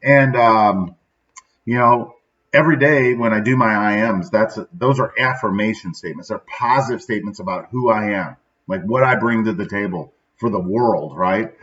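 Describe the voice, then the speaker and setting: A man's voice: lowish voice, normal speed, a bit bright, far from the mic, highs cut off. A middle-aged man hosting a daily motivational podcast, speaking in a casual, reflective way and sounding sad and subdued, often tagging his sentences with "right?". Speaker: podcast host.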